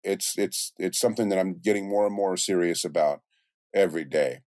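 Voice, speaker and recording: A very deep male voice in a relaxed, rambling interview, full of restarts and side remarks. He sounds middle-aged and is recorded dry and close, with no room sound around him. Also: a little fast, dry recording. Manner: relaxed storyteller, many restarts and asides. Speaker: voice actor and music producer guest. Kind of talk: casual interview chat.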